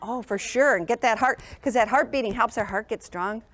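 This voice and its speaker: Woman, classroom presenter, sing-song encouraging teacher voice, somewhat high, keeps checking in with the kids. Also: brisk, fairly bright tone. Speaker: sleep program presenter. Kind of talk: classroom presentation to young children. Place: school classroom.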